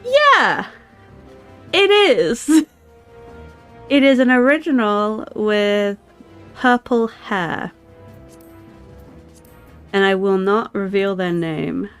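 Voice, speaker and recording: A woman's voice: mid-range voice, fairly even intonation, takes it slowly, long pauses, clean tone. A woman streamer chatting casually with her viewers, giggling often and answering their questions. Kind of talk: casual live-stream chat. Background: faint music.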